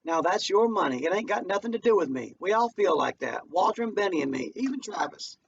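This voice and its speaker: A man voicing a devout, weary older mother who speaks in a slow, folksy dialect. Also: sits high, animated, gravelly. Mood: stern. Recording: distant muffled home recording, faint noise.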